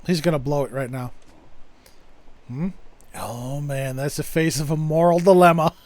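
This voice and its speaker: A man's voice: fairly high pitch, normal speed, darkish tone, dry recording. A young man streaming a game, making wry, joking asides on a close microphone. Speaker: let's play streamer. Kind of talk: game commentary.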